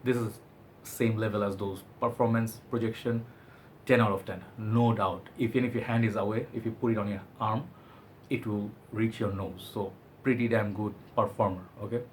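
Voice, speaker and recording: A man's voice: fairly low pitch, steady tone, moderate pace, slight background noise. A man giving a chatty, enthusiastic product review, often hedging with "I think". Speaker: fragrance reviewer.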